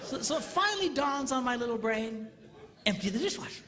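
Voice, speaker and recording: A man giving a comedic seminar talk on marriage, animated and mimicking squealing women in falsetto. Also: a little fast, crowd noise. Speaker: comedic relationship speaker. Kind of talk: stand-up style seminar talk. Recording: live hall, faint ambience.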